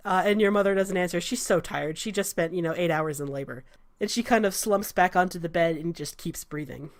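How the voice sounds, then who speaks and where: A woman narrating a tabletop game as game master, halting with frequent fillers. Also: fairly low pitch. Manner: hesitant, many fillers.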